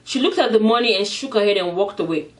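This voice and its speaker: A mukbang vlogger retelling a story casually between bites, animated and acting out the characters. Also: medium pitch, fast talker, distant mic, rough recording. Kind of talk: casual storytelling while eating.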